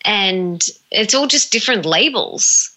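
Woman guest, motivational speaker vibe, slow earnest talking, bright tone. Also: mid-range voice, expressive, low-quality recording. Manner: earnest, repetitive, emphatic phrasing. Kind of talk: heartfelt motivational talk.

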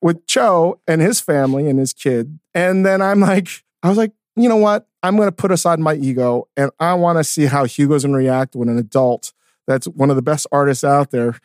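A middle-aged man hosting a podcast, chatting casually and telling stories with animated, mock-outraged emphasis. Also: on the high side, normal speed, no room sound, studio quality. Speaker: podcast host. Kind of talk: casual chat.

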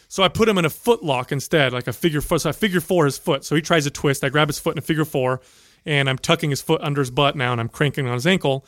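A man telling a story in casual chat, animated and profane, acting out the voices of the people in it. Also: on the high side, fast talker, no echo, studio quality.

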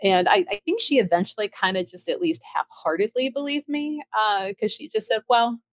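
A middle-aged woman casually telling ghost stories from her own home, chatty and lively, acting out the voices of the people in her story. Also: medium pitch, brisk, no room sound. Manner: chatty, animated, acts out quoted dialogue. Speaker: storyteller recounting ghost encounters.

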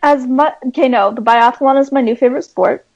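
A woman's voice: sits high, a little fast, darkish tone, highs cut off. A woman from Canada co-hosting a casual sports podcast, giggly and teasing. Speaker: podcast co-host.

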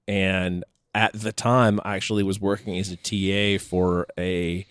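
A man co-hosting a podcast, chatting casually and explaining his thoughts in a measured way. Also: sits low, little pitch movement, a bit bright, clean tone, no echo, clean studio sound. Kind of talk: casual chat.

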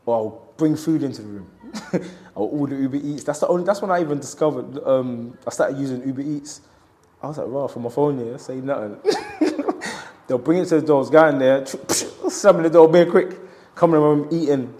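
A man's voice: on the high side, sing-song, normal speed, mellow. A man, a boxer speaking candidly in an interview, reflective and storytelling with quoted asides.

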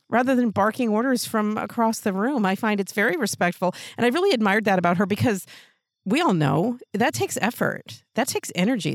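A woman hosting a parenting show, giving earnest, gentle advice in a casual way and laughing lightly between thoughts. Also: mid-range voice, dry recording, clean studio sound. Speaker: parenting podcast host.

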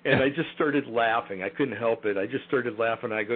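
A man's voice: medium pitch, a little fast, breathy edge. A man guest in a casual interview, talking hesitantly with many fillers and restarts. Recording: tinny phone line.

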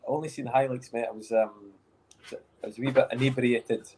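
A man's voice: medium pitch, fairly even intonation, a little fast, dark tone, slight background noise, rough recording. A man with a Scottish accent, a former footballer co-hosting a podcast, chatting in laid-back banter. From Scotland. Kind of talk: casual chat.

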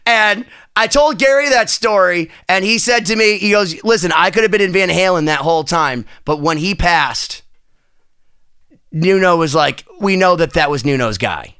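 Bright, high-voiced man telling stories. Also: normal speed, clear, resonant tone. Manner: excited, rambling storytelling. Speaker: podcast co-host. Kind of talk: casual podcast chat.

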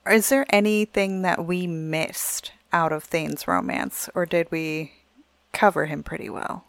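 A woman talks earnestly and from the heart as she co-hosts a relaxed podcast chat. Her voice sits on the low side. The sound is dry and close. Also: unhurried, creaky, no echo. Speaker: podcast co-host. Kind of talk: casual chat.

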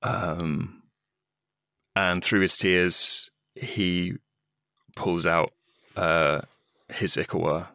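A man's voice: low-pitched, steady tone, extremely slow, pauses often, sharp tone, no echo, clean studio sound. A man playing a tabletop game, narrating his character's backstory in a hesitant way with many restarts. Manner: hesitant, full of fillers and restarts. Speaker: player. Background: guitar music.

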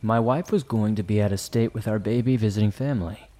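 A man hosting a horror podcast, reading a first-person scary story in a measured, deliberate way. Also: fairly low pitch, dark tone. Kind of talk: scripted horror narration.

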